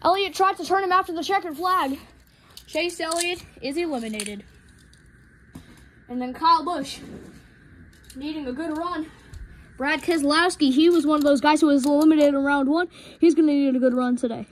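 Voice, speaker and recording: Very high-voiced excitable woman commentator. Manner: excitable, rushed, rising to shouts at finishes. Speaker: race commentator. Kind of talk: hobby race commentary.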